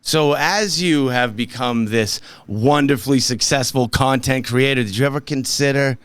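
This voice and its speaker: Host, man, middle pitch, light Boston-area accent, playful interviewer. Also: a bit bright, clear, resonant tone, no echo. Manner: teasing, asks quick follow-up questions. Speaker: podcast host. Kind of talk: casual podcast interview.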